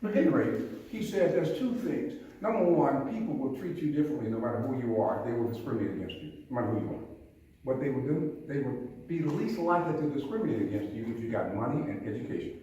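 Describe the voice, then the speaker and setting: Speaking with an animated, quick, mellow mid-range voice, an older Southern man addresses an audience as a police chief. He spins stories, shares homespun wisdom, and asks listeners questions in a folksy public talk, captured from across a museum hall with echo and faint background noise.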